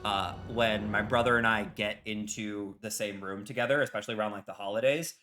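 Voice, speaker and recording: A man streaming live while he bakes in a home kitchen, rambling and joking loudly with his viewers, his microphone set some way from his face. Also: lowish voice, fairly even intonation, brisk, faint music behind. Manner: loud, rambling, jokey, chatting with viewers. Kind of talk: casual chat while baking. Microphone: microphone set far from his face.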